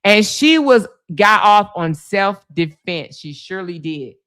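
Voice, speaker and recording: A middle-aged woman hosting a casual livestream, chatting to viewers and telling stories in a lively, animated way. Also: medium pitch, unhurried. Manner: animated storytelling, reads viewer comments aloud. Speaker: livestream host.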